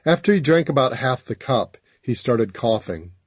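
Man, audiobook narration, first person, steady, husky, dry. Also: mid-range voice, normal speed, no room sound.

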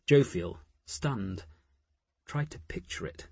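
Male narrator, husky, lively intonation, measured read. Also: mid-range voice, no room sound. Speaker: audiobook narrator. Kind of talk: scripted narration.

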